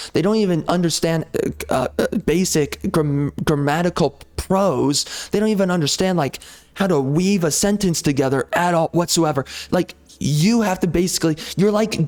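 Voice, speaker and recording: Sarcastic ranting man, higher voice. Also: a little mellow. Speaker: gaming video host. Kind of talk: ranting commentary over gameplay.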